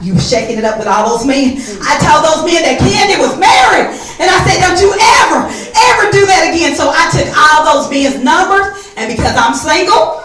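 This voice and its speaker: A woman playing a loud, boastful older church mother who scolds everyone and calls them baby, in a one-woman stage comedy. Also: high voice. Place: theater stage, live. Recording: echoey stage from far off.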